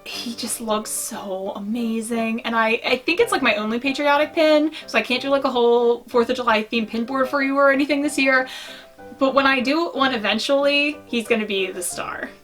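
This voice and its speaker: Young woman, gushing vlogger, chatty, slightly high voice, faint music underneath. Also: moderate pace, a bit bright. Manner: gushing, enthusiastic, chatty with fillers. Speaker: pin collecting YouTuber. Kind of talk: casual show-and-tell vlog.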